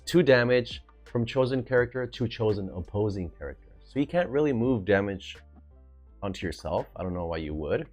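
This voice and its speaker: A man hosting a casual card game deck review, talking in an excitable, hype-filled way and often trailing off to restart a sentence. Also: fairly low pitch. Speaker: card game video host.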